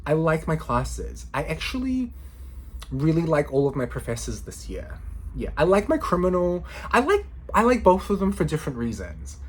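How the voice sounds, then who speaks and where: Lively, chatty man in his thirties. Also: on the high side, moderate pace, breathy edge. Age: 30s. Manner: chatty, playful, slangy, laughs often. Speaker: law student vlogger. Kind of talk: casual chat to camera.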